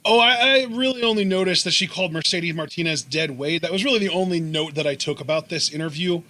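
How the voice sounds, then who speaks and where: A man co-hosting a show in casual chat, blunt and quick to get irritated. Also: on the high side, sharp tone. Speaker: podcast co-host.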